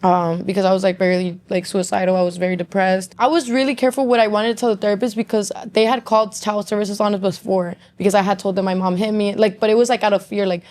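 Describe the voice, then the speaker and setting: A woman's voice: mid-range voice, little pitch movement, fast talker, few pauses, darkish tone. A young woman as a podcast guest, candidly telling a personal story in casual talk, swearing often and saying "like" constantly.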